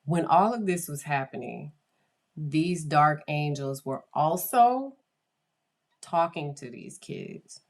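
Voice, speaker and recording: A woman with a notably low voice talks through a spooky true story in a loose, casual podcast way. She hesitates and restarts her sentences, and sometimes drops into a whisper. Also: animated, slow, a little mellow. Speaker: podcast host.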